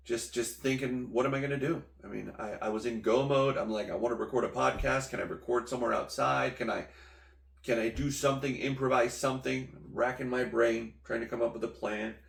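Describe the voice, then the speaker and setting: Playful man with a gravelly voice. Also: mid-range voice, fairly even intonation, normal speed, fairly bright tone. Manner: playful, jokey, acts out quotes and sound effects. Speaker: podcast host. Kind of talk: casual storytelling monologue. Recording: echoey room.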